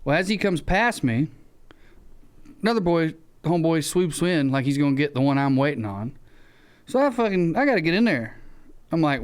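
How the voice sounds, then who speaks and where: Southern man telling a story, smooth voice. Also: fairly high pitch, moderate pace, long pauses. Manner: animated storyteller who acts out shouted quotes and swears freely. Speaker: podcast co-host. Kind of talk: casual storytelling chat.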